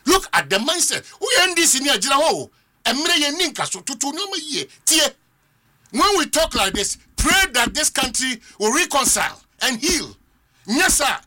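A Ghanaian man delivers fervent talk-show commentary in a strikingly high, very bright voice. His pitch leaps and dips as he argues, and he drives each point home by repeating it. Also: sing-song, normal speed. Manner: fervent, rhetorical, repeats phrases for emphasis. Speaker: political commentator.

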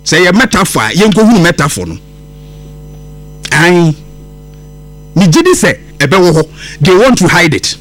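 A man's voice: high-pitched, big pitch swings, normal speed, long pauses, fairly bright tone. A man with a Ghanaian accent hosting a radio show, giving an impassioned commentary that switches between English and Twi.

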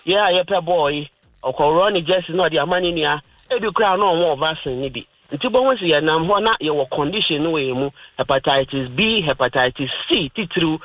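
A man's voice: a little high, fairly bright tone, no echo, rough recording. Ghanaian man explaining health on radio. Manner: explanatory, lecturing with everyday examples. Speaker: health expert guest on radio. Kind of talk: radio health talk, mixing Twi and English.

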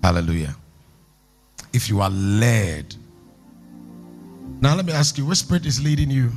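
A man's voice: medium pitch, unhurried, soft background music. A man preaching a sermon as a pastor, emphatic and calling for responses from the congregation.

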